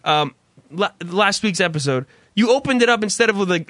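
Animated, profane young man hosting. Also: high-pitched, fairly quick, no echo. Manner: animated, swearing, laughing often. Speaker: podcast host. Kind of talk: casual profane chat.

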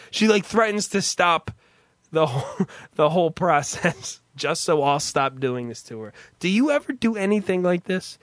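A man's voice: sits high, expressive, normal speed, fairly bright tone, no room sound, clean studio sound. A man hosting a casual comedic chat, swearing freely and rambling through his stories. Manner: profane, rambling.

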